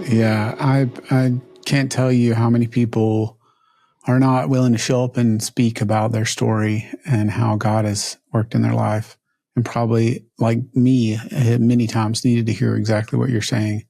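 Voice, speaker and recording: A man's voice: mid-range voice, little pitch movement, a little slow, vocal fry, mellow, no echo. A man hosting a business podcast, reading a sponsor message and encouraging his guest. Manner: encouraging listener, short affirmations. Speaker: podcast host. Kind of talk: interview and sponsor read.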